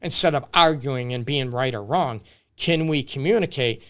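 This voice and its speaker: On a casual live stream, a man counsels viewers about relationships in a mid-range, fairly bright, clean voice at a moderate pace. He talks off the cuff with restarts and fillers, frequently tossing in "right?" and "you get me?"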